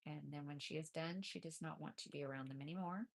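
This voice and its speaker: Middle-aged woman, low, gravelly voice, unhurried and rambling, casual streaming chat. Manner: rambling, relaxed, with frequent fillers. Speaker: craft live streamer and cat fosterer.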